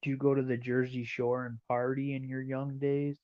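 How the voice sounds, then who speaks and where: A man chatting casually on a livestream, musing aloud in a slow, wandering way while he looks over a map. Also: mid-range voice, flat delivery, darkish tone, highs cut off.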